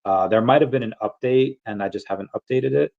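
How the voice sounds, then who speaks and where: A man chatting casually as host of a livestream, his talk rambling and loose, full of "uh" and "um" and broken by hiccups. He sits at a middle pitch, and the sound is a little dull and lo-fi. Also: a little fast, vocal fry. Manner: rambling, relaxed, many fillers. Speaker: crypto channel host.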